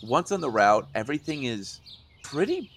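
A man narrating as game master of a tabletop role-playing game, in a relaxed, halting way. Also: mid-range voice, slight background noise.

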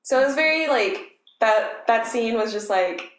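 Relaxed woman co-host, echoey room. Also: fairly high pitch, unhurried. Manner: relaxed, frequent fillers. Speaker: podcast co-host. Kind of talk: casual recap chat.

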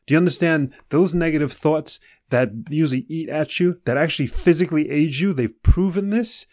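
A man's voice: a little high, brisk, darkish tone, no echo, clean studio sound. A man speaking straight to the listener in a motivational monologue, asking pointed questions and acting out people's excuses.

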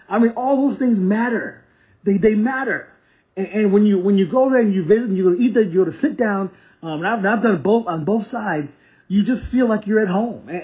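High-voiced guy hosting a podcast, hyped up, keeps repeating himself, audio a bit dull. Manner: enthusiastic, repetitive, stumbling restarts. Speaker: podcast host. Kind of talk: casual restaurant review monologue.

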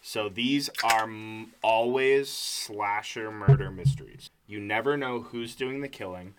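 A man's voice: fairly low pitch, measured pace, noisy background. A man co-hosting a casual podcast, explaining film genres at length with many fillers. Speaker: podcast co-host. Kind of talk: casual chat.

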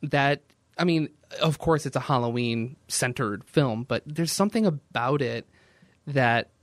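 A man's voice: medium pitch, measured pace, no echo. Playful young man, dry close sound. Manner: playful, laughs often, jokey asides. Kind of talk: casual chat.

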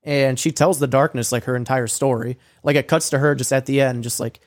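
A young man telling a story in casual chat, swearing a lot and filling his talk with "like" and "um," sometimes acting out quoted lines in a higher voice. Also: fairly even intonation, brisk, no echo, studio quality. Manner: profane, rambling storytelling with many fillers; acts out quoted lines with a raised voice. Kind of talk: casual recap of a streamed game.

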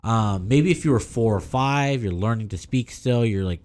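A man co-hosting a casual podcast chat, telling stories in an animated way with quick asides. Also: medium pitch. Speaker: podcast co-host.

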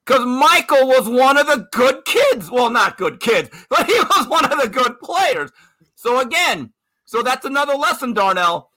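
Animated high-voiced male talk host. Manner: animated storyteller, restarts mid-sentence. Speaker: show host. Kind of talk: casual sports talk.

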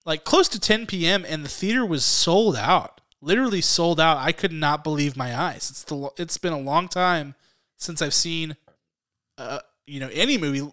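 A man hosts a podcast movie review and steers the talk with enthusiasm. His slightly high voice is smooth and clear. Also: sharp tone. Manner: enthusiastic, leads the discussion. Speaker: podcast host. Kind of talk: casual movie review chat.

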